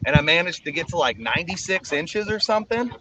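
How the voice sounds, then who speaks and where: A man's voice: on the high side, quick pace. A man in casual chat, telling a story at length with plenty of fillers. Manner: rambling, with fillers like you know. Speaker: angler competitor. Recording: dull lo-fi sound with steady noise.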